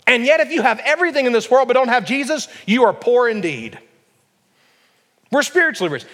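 A man's voice: extremely high pitch, a bit bright. A man preaching a sermon to his congregation, emphatic and full of rhetorical questions. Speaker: pastor. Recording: long reverb of a large hall.

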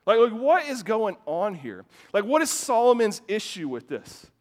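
Male pastor with a high voice, animated storytelling delivery with repeated words, preaching in a church with long hall reverb. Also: moderate pace. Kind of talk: sermon with personal storytelling. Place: church sanctuary with a congregation.

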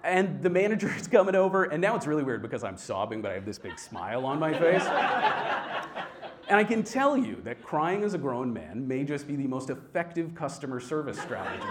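Young male storyteller, lively delivery that swings from hushed to loud, faint room ambience behind. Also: a little high, background noise. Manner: animated, swings from quiet to loud. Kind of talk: live personal storytelling.

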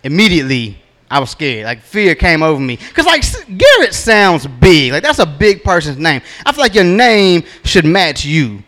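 A man's voice: fairly high pitch, big pitch swings, normal speed, fairly bright tone. A man, doing a stand-up comedy set in a laid-back, drawling storytelling manner with punchy asides, on a handheld stage mic.

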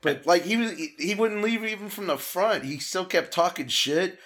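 Brief: man, bright slightly raised voice, relaxed and profane, co-host chat. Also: high voice, moderate pace. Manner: laid-back, profane, chuckling asides. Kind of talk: casual storytelling chat.

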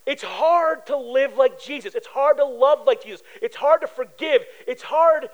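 A man's voice: extremely high pitch, measured pace, lo-fi sound. A middle-aged male pastor preaching a sermon in a casual, conversational way, telling personal stories and acting out quoted voices. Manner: animated, acts out quoted voices.

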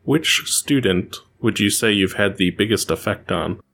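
A man's voice: on the low side, a little slow, a bit bright. A man interviewing a game master, asking brief, curious questions.

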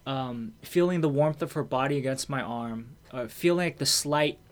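A man's voice: mid-range voice, moderate pace. An American man telling a personal story in casual conversation. He talks candidly, swears freely and fills his speech with restarts and fillers.

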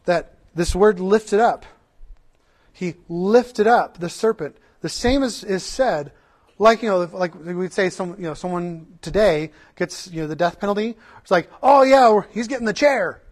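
A pastor preaching a sermon, mixing fervent rhetorical questions with earnest, conversational asides and restarts. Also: male voice, high-pitched, measured pace.

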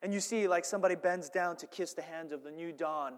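Preacher guy with a highish voice, goes quiet then loud, big reverb hall. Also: fairly quick. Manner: animated storytelling, swings between hushed and loud. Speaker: pastor. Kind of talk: sermon.

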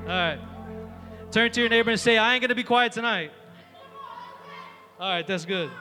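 A man preaches to young people in a big hall, energetic and chatty, his stories full of fillers. His voice sits high and sounds bright and forceful. It rings with a long hall reverb over faint music. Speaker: youth preacher. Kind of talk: sermon. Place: large hall with an audience.

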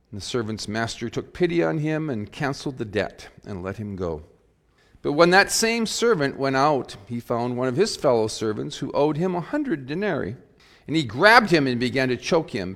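A male pastor speaking in a church sanctuary. His delivery is measured and earnest, and he slows into thoughtful pauses as he reads scripture and reflects aloud. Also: medium pitch, expressive. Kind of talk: liturgy and sermon.

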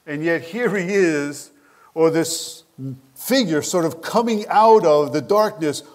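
A male pastor preaching a sermon at an unhurried, deliberate pace. His voice sits a little higher than most men's, and his delivery is expressive and animated as he puts questions straight to the congregation. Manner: asks the listeners questions directly.

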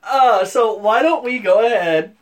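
A man's voice: sits high, measured pace. A young man co-hosting a casual podcast, dry and a bit hesitant, giggling often. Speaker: podcast co-host.

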